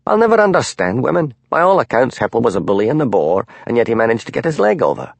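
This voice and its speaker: A man's voice: medium pitch, very animated, quick pace, creaky, no echo, voice pushed up. A man voicing a blunt, crude police detective. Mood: scoffing. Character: blunt, hard-drinking male police detective.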